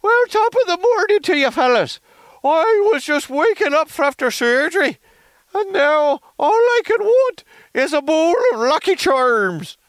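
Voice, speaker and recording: Overdone fake Irish character, squeaky and silly, put on by a man. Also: big pitch swings, unhurried, a bit bright, no room sound, full character voice. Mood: hammy. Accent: exaggerated fake Irish. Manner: high, goofy, overdone. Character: man faking a cartoonish Irish accent after surgery.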